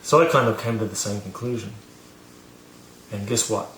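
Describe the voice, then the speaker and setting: A man's voice: fairly low pitch, moderate pace, fairly bright tone, reverberant, a little hiss or hum. A man casually telling a story to camera, rambling with many fillers and restarts, poking fun at himself. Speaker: vlogger teaching about learning.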